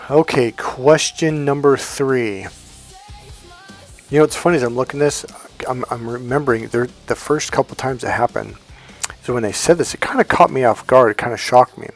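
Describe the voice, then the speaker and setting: A man in his fifties giving casual dating advice, rambling with restarts and acting out quoted dialogue. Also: mid-range voice. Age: 50s. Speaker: dating coach.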